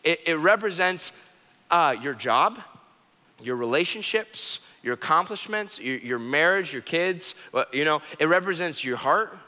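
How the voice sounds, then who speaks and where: A man preaching a sermon in an animated, joking way, repeating key phrases and restarting sentences. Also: a little high, unhurried, in a large hall. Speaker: pastor.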